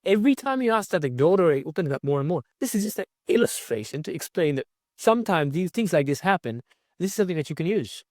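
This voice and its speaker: A man teaching communication skills with energy, repeating his key points and checking in with tag questions. His voice is a little high and moves around a lot. The recording is dry and close. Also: very animated, fast, a little mellow, no room sound. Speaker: communication coach. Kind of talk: online course lecture.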